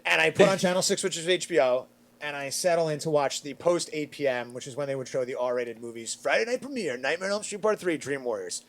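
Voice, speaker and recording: A middle-aged man from Long Island, chatting on a podcast and telling a story with lively, acted-out quotes. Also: quick pace. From Long Island, New York. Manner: animated, acts out quotes with big swings in pitch and loudness. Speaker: podcast panelist. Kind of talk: casual storytelling chat.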